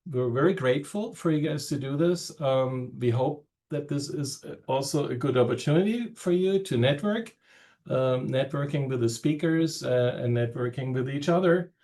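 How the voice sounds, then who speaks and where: Halting man with a German accent. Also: mid-range voice, a little mellow. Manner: halting, many fillers and pauses. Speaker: research network director. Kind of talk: seminar opening remarks.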